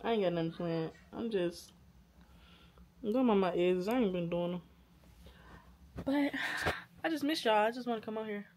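A laid-back young woman in her early twenties chats to her camera, slangy and easygoing. Her voice sits at a middle pitch, recorded close on a phone with a faint hiss behind it. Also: animated, moderate pace, pauses often, darkish tone. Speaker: vlogger. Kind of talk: casual vlog talk to camera.

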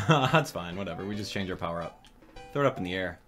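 Lively young man giving game commentary. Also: sits low, quick pace, faint music behind. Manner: excitable, jokey, reads and answers chat. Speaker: gaming channel host. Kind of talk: live gameplay commentary.

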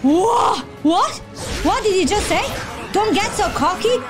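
A woman streaming a game playthrough, yelling and squealing in excited reactions as she plays. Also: very high-pitched, unhurried. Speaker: gameplay streamer. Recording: loud game music behind.

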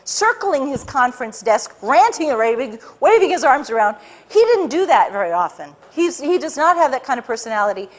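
A woman speaking to a live audience, telling her story in an animated way with many restarts and acted-out quotes. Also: high voice, brisk. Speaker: public speaker.

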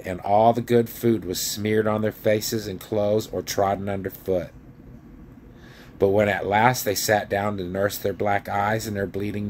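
A man reading a children's story aloud in a calm, measured way. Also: on the low side, slight background noise. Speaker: reader.

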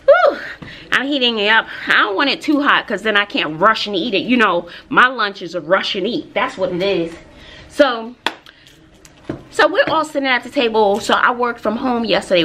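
A woman's voice: fairly high pitch, normal speed, a little hiss or hum. A woman, chatting casually in a vlog. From Texas, USA. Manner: chatty, animated storytelling with asides. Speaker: vlogger and teacher.

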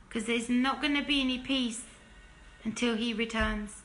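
A woman preaching straight to camera in an emphatic, fired-up monologue, her voice bright and forceful. She sits a little high for a woman and hammers her points home with one rhetorical question after another. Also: slight background noise. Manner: drops to a hushed, low plea when urging repentance. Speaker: Christian video commentator. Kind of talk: impassioned direct-to-camera monologue.

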